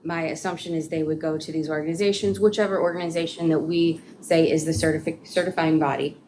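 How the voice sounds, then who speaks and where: A woman's voice: low voice, fairly even intonation, quick pace, darkish tone, a little hiss or hum. A woman on city staff briefing a committee meeting, hesitant, with many fillers and restarts.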